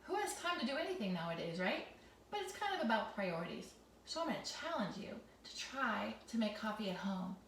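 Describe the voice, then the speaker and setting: A middle-aged woman, a teacher, chatting in a home vlog in her loud teacher voice, teasing and friendly. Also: fairly high pitch, sing-song, brisk, far from the mic, a little hiss or hum. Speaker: teacher and vlogger. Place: home kitchen. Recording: echoey room, voice somewhat off mic.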